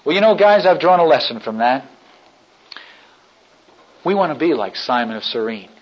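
A male preacher telling a story in a sermon, swinging between hushed and loud delivery. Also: a little high, lively intonation, normal speed. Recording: dull lo-fi recording.

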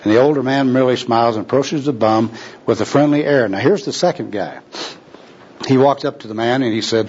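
A male preacher tells a sermon story in a folksy, conversational way. His mid-pitched voice is husky, and the recording is dull and lo-fi. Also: fairly quick, a little mellow.

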